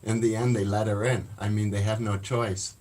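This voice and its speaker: A man's voice: fairly low pitch, little pitch movement, moderate pace, darkish tone, slight background noise. A man who hosts a livestream, chatting casually in a blunt, profane, rambling way. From Canada. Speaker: livestream host.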